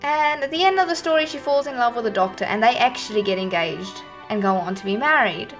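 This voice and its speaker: A woman's voice: on the high side, animated, brisk, a bit bright, soft background music. A woman YouTuber talking casually and enthusiastically about her favourite creature designs, with small restarts. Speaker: YouTuber reviewing Pokémon designs. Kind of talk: casual monologue to camera.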